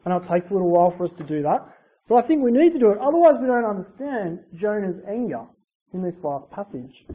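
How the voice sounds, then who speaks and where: A preacher giving a conversational sermon, using asides and rhetorical tag questions and swinging between loud emphasis and quiet, dropped phrase endings. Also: mid-range voice, very animated, fast talker, husky. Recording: dull lo-fi recording with faint hiss.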